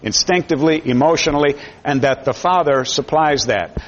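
A man preaching with a somewhat raised pitch and an emphatic, insistent delivery. He repeats words as he builds toward each point. The recording sounds dull and lo-fi. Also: normal speed, few pauses. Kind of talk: sermon.

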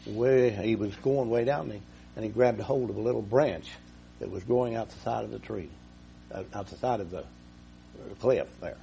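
A man preaches a folksy sermon to his congregation, telling a homespun story, repeating himself, and chuckling at his own jokes. His lowish voice is mellow with vocal fry at normal speed, with a little hiss or hum in the background.

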